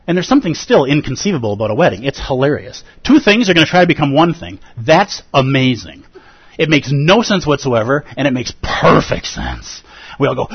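A man, a Buddhist teacher, giving an earnest and expressive dharma talk at a retreat, acting out feelings with gasps and pauses. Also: medium pitch, husky, no room sound. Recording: dull lo-fi recording.

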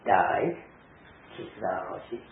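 A man giving a Zen dharma talk on a koan, speaking, halting with many fillers and restarts. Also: sits low, big pitch swings, a little hiss or hum. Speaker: Zen teacher. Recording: echoey room over a tinny phone-like line.

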